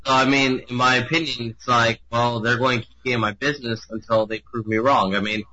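A man chatting on a casual gaming podcast, his voice bright and forceful. He rambles bluntly and swears freely. The audio is dull and lo-fi. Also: medium pitch, steady tone, brisk. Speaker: podcast co-host.

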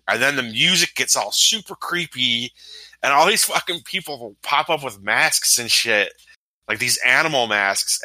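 Bright sharp guy rambling about a movie, lots of likes and swearing, dead dry sound. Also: medium pitch, dry recording, poor audio. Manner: loose, profane, filler-heavy. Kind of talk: casual movie discussion.

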